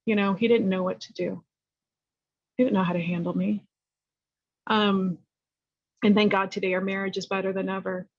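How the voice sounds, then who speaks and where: A middle-aged woman from California sharing her personal recovery story at a meeting, candid and rambling, lively when she tells a story. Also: mid-range voice, normal speed, pauses often, dry recording, muffled recording. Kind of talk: personal testimony talk.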